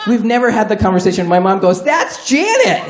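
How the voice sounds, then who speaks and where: A man's voice: high-pitched, fairly even intonation, fast talker, crowd noise, noisy background. A man telling a wry, candid, profanity-laced comedic story live on stage at a storytelling show. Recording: roomy live venue sound.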